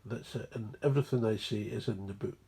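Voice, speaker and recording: A man's voice: fairly low pitch, a little fast, dark tone, husky. A Scottish man, mumbling and digressive, explaining a recovery program in a rambling way. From Scotland. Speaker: recovery speaker.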